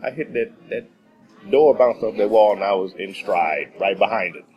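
A middle-aged man from Texas telling a story as a radio guest, animated and laughing often. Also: lowish voice, moderate pace, dull audio, faint music behind. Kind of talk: casual storytelling.

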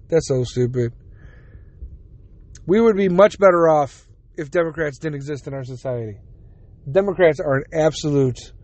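A man's voice: a little high, darkish tone, no room sound. A man hosting a casual solo podcast, talking bluntly and sarcastically, mocking the other side with put-on quotes, and yawning now and then. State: yawning, drowsy. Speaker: podcast host.

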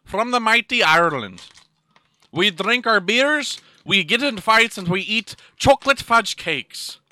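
A man's voice: sits low, steady tone, fast talker, sharp tone, voice pushed down, exaggerated voice. Man putting on a bad fake Irish brogue. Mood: jolly. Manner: mock-grand ad reading, stumbling.

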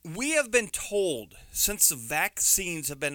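A man's voice: high voice, big pitch swings, slow, hardly any pauses, sharp tone, no room sound. A man with a New York accent giving an indignant, sarcastic opinion commentary, stressing his words hard.

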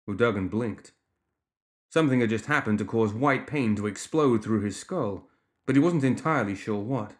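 An audiobook narrator reading a story with expressive delivery. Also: mid-range voice, normal speed. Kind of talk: scripted narration.

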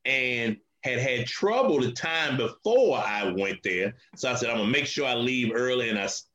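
A male comedian in casual chat, speaking haltingly with many restarts and repeated words. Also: medium pitch, animated, sharp tone. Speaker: comedian, guest.

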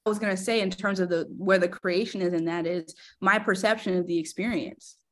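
Woman, mid pitch, guest coach, animated, expressive, casual interview. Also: brisk. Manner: animated, acts out emotions in quotes.

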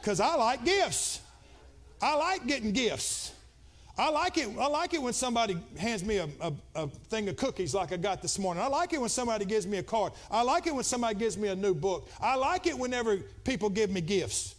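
This middle-aged pastor's voice is notably high and a little fast as he preaches a Pentecostal sermon. Relaxed and confiding with the congregation at first, he swings from quiet talk into loud, shouted, rhythmic preaching.

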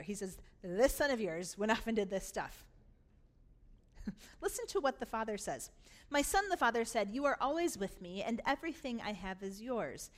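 A woman's voice: fairly high pitch, a bit bright. A woman pastor preaching a sermon, acting out the father's words with emphatic, rising force. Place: church sanctuary.

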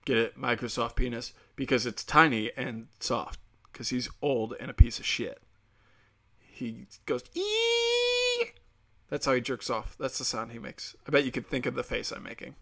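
Solo podcast host, male, foul-mouthed sarcastic ranter, mid pitch, bright edge. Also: fairly even intonation, moderate pace, vocal fry. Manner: crude, ranting, sarcastic, mocking voices.

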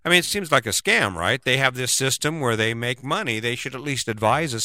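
A man's voice: mid-range voice, animated, fairly quick, hardly any pauses, pushed and bright, dry recording, clean studio sound. A middle-aged man giving a casual, rambling opinion monologue, often tagging on "right?". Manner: rambling, keeps asking "right?".

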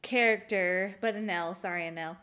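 A woman's voice: medium pitch, normal speed, bright, forceful tone, clear, resonant tone. A woman co-hosting a podcast in casual chat, laughing often as she talks. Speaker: podcast co-host.

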